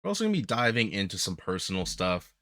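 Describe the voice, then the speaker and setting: A man's voice: low-pitched, sing-song, fast talker, a bit bright, dry recording. A man hosting a podcast, talking casually and bluntly with frequent ums. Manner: blunt, candid, with filler ums. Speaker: podcast host.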